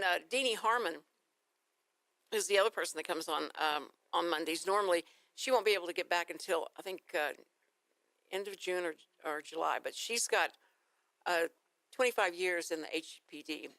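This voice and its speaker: On a casual morning radio show, a woman with a Texan accent meanders through stories and laughs readily. She speaks at normal speed in a lowish, slightly bright voice, picked up by a studio microphone in a radio studio without echo.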